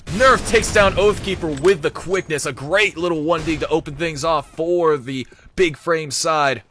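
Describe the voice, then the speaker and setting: A man giving live play-by-play esports commentary, energetic, joking and off-the-cuff. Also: on the high side, a little slow, slight background noise.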